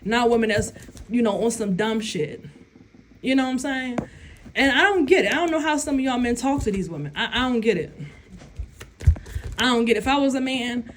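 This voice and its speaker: Her voice here is fairly high and brisk, broken by long pauses, with a little hiss or hum in the audio. The young woman chats casually on her vlog, laughing frequently and answering questions in a blunt, profane way.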